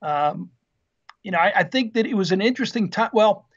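A man in his fifties tells his stories in a lively, casual way, with plenty of fillers and laughs. His voice sits high for a man. The podcast audio is dull and lo-fi. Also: brisk. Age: 50s. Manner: lively anecdotal storyteller, frequent fillers and laughs. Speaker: podcast guest, retired Marine officer. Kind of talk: casual interview storytelling.

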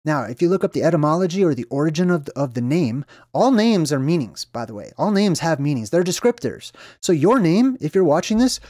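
Mid-pitched man in a dry recording. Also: warm tone, no echo. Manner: conversational, frequent "right?" and "um" fillers; talks straight to viewers. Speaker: video host. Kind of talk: solo symbolism explainer monologue. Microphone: own mic after a sound check.

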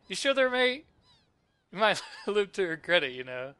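A man's voice: high voice, big pitch swings, moderate pace, pushed and bright, smooth, dry recording, pitched above the performer's own voice, full character voice. A man voicing a spunky, cocky young female thief in a video game, teasing and brash.

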